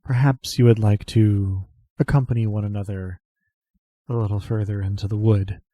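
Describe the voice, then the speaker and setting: A man playing a calm, guarded noble envoy. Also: on the low side, normal speed, no echo, lightly acted. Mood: measured.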